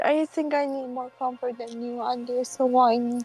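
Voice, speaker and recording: A woman's voice: fairly high pitch, fairly even intonation, normal speed, a little mellow, breathy edge, faint music behind, low-quality recording. A woman co-hosting a game playthrough, bossy and teasing, mock-insulting her partner between reading lines. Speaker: let's play co-host. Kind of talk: casual game chat, reading character lines aloud.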